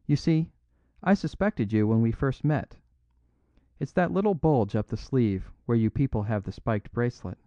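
A man voicing a modest little priest who explains things simply and with gentle apology. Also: mid-range voice, animated, normal speed, no room sound, highs cut off, lightly acted. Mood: mild apologetic.

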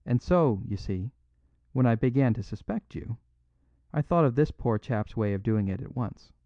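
A man's voice: medium pitch, expressive, moderate pace, no echo, dull audio, natural voice. Father Brown, a man reading a mild little priest. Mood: mild apologetic. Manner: simple, unaffected, gently apologetic. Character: mild, modest little English priest, apologetic.

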